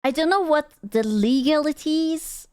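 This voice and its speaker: Excitable, giggly young woman streamer. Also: sits high, unhurried, dry recording, clean studio sound. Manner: excitable and giggly, blunt with swearing. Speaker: VTuber streamer reacting to a video. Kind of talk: casual reaction commentary.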